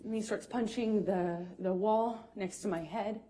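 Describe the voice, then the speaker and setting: A woman giving courtroom testimony, halting and emotional, with frequent fillers and restarts. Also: mid-range voice, fairly even intonation, dark tone. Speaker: witness testifying.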